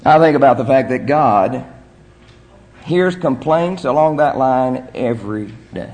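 A male preacher with a somewhat high voice that swings widely in pitch as he preaches. He tells his story earnestly, pausing now and then as he goes. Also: sing-song. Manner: earnest storytelling delivery with measured pauses. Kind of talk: sermon.

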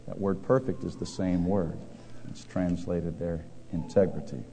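A man preaching a sermon, swinging between loud declaiming and quiet asides. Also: low-pitched, steady tone, measured pace. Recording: long hall reverb.

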